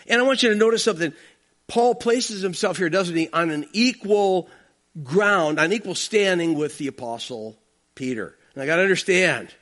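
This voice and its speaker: A man's voice: a little high, fairly bright tone. A man preaching an expository sermon, talking emphatically and conversationally, with frequent asides to the congregation. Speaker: pastor.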